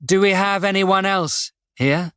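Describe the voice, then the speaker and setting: Guy doing a creepy calm killer, higher, gentle, slow, dry audiobook sound. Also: clear, resonant tone, no echo. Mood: calm menace. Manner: gentle, unhurried taunting. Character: calm, menacing male serial killer. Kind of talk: audiobook character voice.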